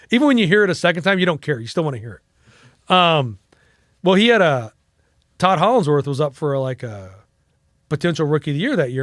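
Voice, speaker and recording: American guy telling stories in an interview, cussing a lot, acts out the quotes, voice a bit high, dry close sound. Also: no room sound. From United States. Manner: animated, profane, acts out quotes. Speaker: interview guest. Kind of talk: casual storytelling interview.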